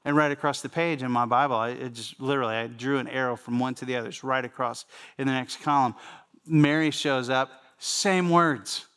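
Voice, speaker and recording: A man's voice: mid-range voice, fairly quick, fairly bright tone, smooth. A man preaching a sermon in a conversational way, often repeating phrases and speaking straight to the congregation. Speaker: pastor.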